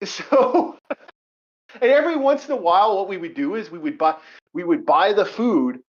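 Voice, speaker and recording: Man, podcast host, rambling casual chat, swears a lot, lively swooping pitch, dull lo-fi sound. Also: moderate pace. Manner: rambling, profane, laughs often. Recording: lo-fi muffled audio.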